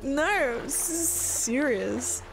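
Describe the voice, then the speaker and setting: A woman's voice: high-pitched, expressive, very slow, vocal fry, faint music behind. A woman streaming a video game, joking, swearing freely and laughing often. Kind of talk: live gameplay commentary.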